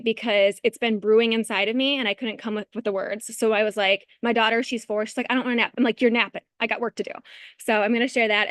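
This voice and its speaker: A woman in her thirties, a poet, chatting brightly and then reading her poems over a video call. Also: fairly high pitch, smooth, dry recording, clean studio sound. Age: 30s.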